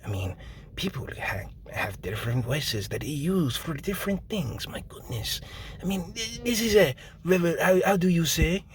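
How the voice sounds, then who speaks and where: A man putting on a low, breathy, half-whispered faux-French voice, smug and rambling. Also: sing-song, a little slow, background noise, heavily acted. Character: hushed pseudo-French crooner Jean-Claude, smug.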